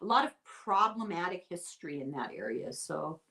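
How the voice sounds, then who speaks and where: A woman born in Ireland, chatting casually and telling animated stories with laughter. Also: lowish voice, normal speed. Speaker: guest storyteller. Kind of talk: casual chat. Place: rural United States.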